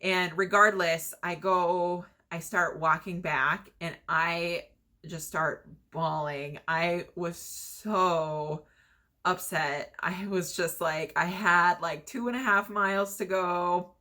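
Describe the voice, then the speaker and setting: A woman's voice: lowish voice, steady tone, takes it slowly, pushed and bright. A young woman casually telling a personal story, chatty and laughing often between fillers. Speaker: vlogger telling her story.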